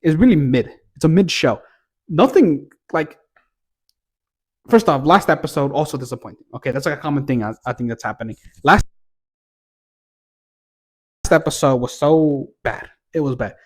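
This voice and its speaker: A man's voice: fairly high pitch, expressive, normal speed, long pauses. Profane, ranting young-sounding man. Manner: profane, exasperated, rambling with restarts. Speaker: TV reviewer. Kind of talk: casual ranting review.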